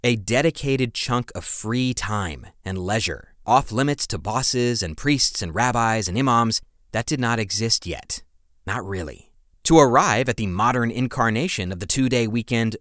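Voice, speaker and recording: Low-voiced man narrating history dramatically. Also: moderate pace, a bit bright, no echo, studio quality. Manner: dramatic, emphatic storytelling with playful asides. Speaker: podcast host.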